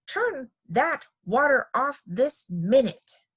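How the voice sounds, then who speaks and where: Bossy fussy storybook lady, high and scolding, a woman doing the voice. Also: very animated, measured pace, breathy edge, heavily acted.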